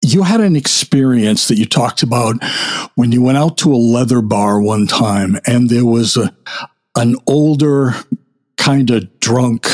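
A male host asking a guest thoughtful, measured questions. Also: medium pitch. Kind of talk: interview questions.

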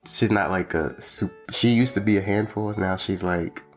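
A man talking casually with his partner, halting and hedging, laughing often. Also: low-pitched, soft background music. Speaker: co-host, father. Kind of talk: casual conversation.

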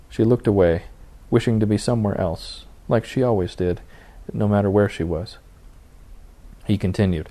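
A man reading a novel aloud as its narrator, in steady storytelling. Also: on the low side, normal speed. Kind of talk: audiobook narration.

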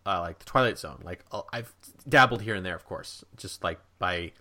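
A man's voice: low voice, moderate pace, bright, forceful tone. A man from the United States co-hosting a podcast, chatting casually in an eager, jokey way with many fillers. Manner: enthusiastic, filler-heavy, jokey. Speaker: podcast co-host. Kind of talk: casual chat.

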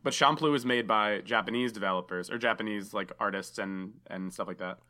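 A man's voice: lowish voice, a little fast, pushed and bright. A man hosting a casual podcast, chatty and enthusiastic, saying dude a lot. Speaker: podcast host.

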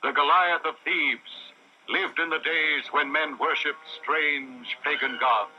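A man's voice: on the high side, fairly even intonation, slow pace. A man narrating an old film trailer in a dramatic, declaiming style. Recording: dull old film audio with music.

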